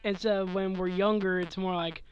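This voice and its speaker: A man's voice: high-pitched, fairly even intonation, normal speed, clean tone, muffled recording. A man in his twenties chatting casually late at night, sleepy and yawning, rambling with chuckles and trailing thoughts. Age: 20s. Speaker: gaming channel host answering questions.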